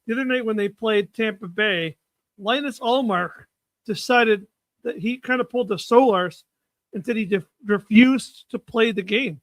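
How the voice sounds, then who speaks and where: A man's voice: high-pitched, normal speed, dry recording. A young man co-hosting a casual sports talk stream, joking and teasing his co-host. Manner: joking, teasing, shouts to others off-mic.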